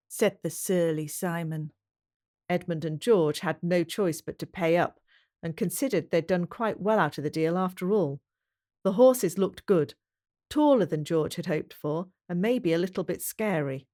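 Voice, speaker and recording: A woman reading a historical novel aloud as audiobook narrator, measured and even. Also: lowish voice. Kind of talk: storybook narration.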